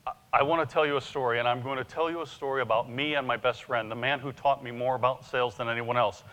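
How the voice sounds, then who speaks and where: Bright-voiced man giving a keynote. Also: medium pitch, fast talker. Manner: animated, joking storytelling. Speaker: sales trainer and conference speaker. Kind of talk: conference keynote talk. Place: conference hall. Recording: long reverb of a conference hall.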